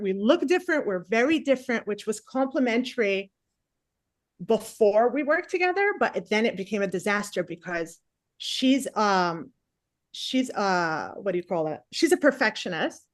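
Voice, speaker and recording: A woman doing a stand-up comedy set on stage, chatty and self-mocking with animated asides. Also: mid-range voice, normal speed, no echo, clean studio sound. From Palestinian family. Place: comedy stage before a live audience.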